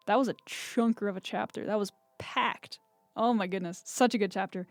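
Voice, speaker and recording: A woman's voice: medium pitch, moderate pace, no echo, clean studio sound. A young woman host reading scripture aloud and chatting enthusiastically about it, with lots of "like" fillers. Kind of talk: scripture reading with casual commentary.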